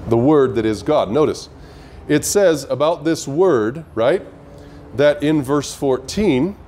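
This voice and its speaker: Guy teaching bible study, kinda high voice, punchy and emphatic, lots of "you see?" style questions, bit of faint noise behind. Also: animated, takes it slowly, mellow. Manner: emphatic, asks rhetorical questions.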